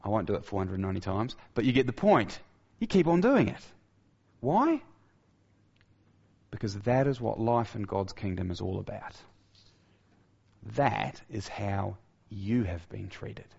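Guy preaching a sermon, punchy and repetitive, lots of restarts, goes quiet and low on the big points, muffled lo-fi audio. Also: expressive, normal speed, vocal fry, slightly rough. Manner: emphatic, repeats key phrases, frequent restarts; drops to a soft, low voice for key points.

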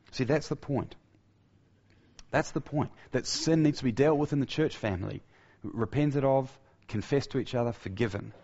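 A man preaching a sermon. He talks emphatically, repeats key phrases, restarts his sentences often and drops to a soft low voice for key points. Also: slightly rough, highs cut off.

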